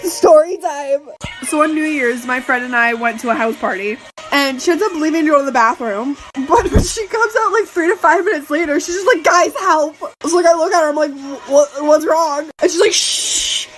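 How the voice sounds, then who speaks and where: A woman telling a casual storytime in an animated, giggly way. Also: sits high, fairly quick.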